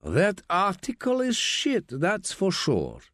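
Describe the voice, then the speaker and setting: A man's voice: high voice, huge pitch swings, slow pace, a bit bright, no room sound, studio quality, voice pushed up, full character voice. A man voicing a sulky, morose local man.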